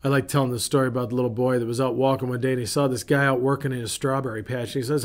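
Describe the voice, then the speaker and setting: A man preaching an informal sermon, conversational and animated, telling stories and restarting his sentences as he goes. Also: medium pitch, quick pace. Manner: conversational, animated storytelling with self-interruptions. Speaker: pastor.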